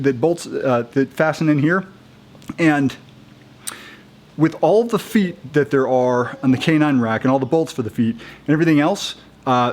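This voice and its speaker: A man talking casually in a how-to video, halting and upbeat, with many restarts and fillers as he works. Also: fairly high pitch. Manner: chatty and upbeat. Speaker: vlogger installing a roof rack.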